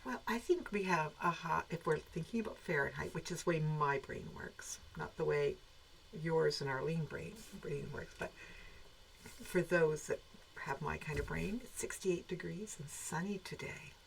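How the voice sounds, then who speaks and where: A woman's voice: low-pitched, normal speed, creaky, slight background noise, poor audio. A woman co-hosting a live show, chatting casually and greeting viewers by name. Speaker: co-host of a quilt shop live show. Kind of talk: casual live-stream chat.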